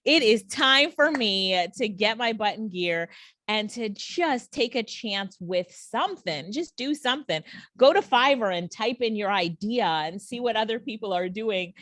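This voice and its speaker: A woman's voice: mid-range voice, lively intonation, measured pace, a bit bright, dry recording, studio quality. A woman hosting a casual online training, reacting with laughter and enthusiasm. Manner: enthusiastic, laughs often, asks the viewer questions.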